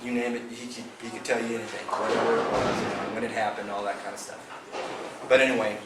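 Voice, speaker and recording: A man's voice: fairly low pitch, little pitch movement, a little fast. A man telling a fishing tournament story at a club meeting, acting out the quotes with animation. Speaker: fishing team member recapping a tournament. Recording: echoey room from far off, noisy.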